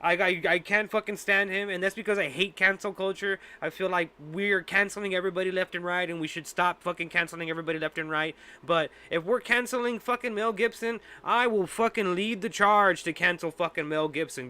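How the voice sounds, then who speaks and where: A man with a high, bright, forceful voice hosting a podcast. He rants in casual talk, swearing often and sounding fed up, with fillers and restarts throughout. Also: brisk, few pauses. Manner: profane, exasperated ranting. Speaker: podcast host. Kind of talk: casual ranting chat.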